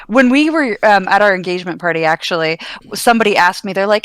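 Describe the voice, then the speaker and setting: A woman's voice: mid-range voice, expressive, quick pace, a bit bright, clean tone, no room sound. A woman chatting on a casual comedy podcast, teasing wryly. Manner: wry, teasing.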